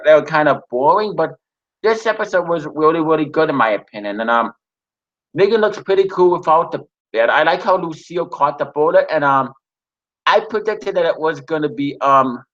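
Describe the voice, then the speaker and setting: Halting man on a dull lo-fi recording. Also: on the high side, fairly bright tone. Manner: halting, frequent restarts and pauses. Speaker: TV episode reviewer. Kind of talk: reading a recap then casual review.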